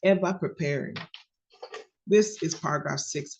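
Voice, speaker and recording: A woman's voice: mid-range voice, animated, measured pace. A woman leading a book study coaching call, repeating key phrases for emphasis.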